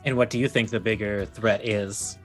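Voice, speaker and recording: Very low-voiced woman game master. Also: steady tone, moderate pace, faint music behind. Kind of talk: hosting a tabletop game stream.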